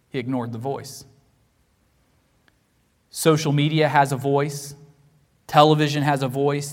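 A man preaching a sermon as pastor, emphatic and repetitive, swinging from hushed low passages to loud raised ones. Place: church sanctuary. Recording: long hall reverb from a church.

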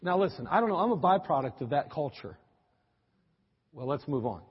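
A middle-aged man preaching a sermon, folksy and animated, with teasing asides to the congregation. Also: a little high, a little fast, breathy edge. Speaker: pastor. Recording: dull, lo-fi audio with long church-hall reverb.

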